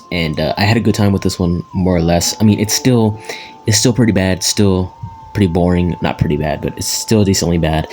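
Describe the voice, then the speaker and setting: Young male vlogger, very low voice, loose rambling delivery, soft music under him. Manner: rambling, casual, frequent fillers and restarts. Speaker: movie reviewer. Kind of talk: casual spoken film review.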